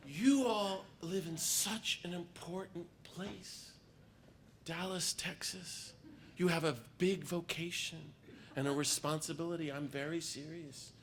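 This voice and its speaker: A man's voice: on the high side, fairly even intonation, measured pace, a bit bright, slight background noise. A man, a priest, giving a passionate, emphatic talk to a gathering while speaking through a cold. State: has a cold. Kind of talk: public talk to a peace group.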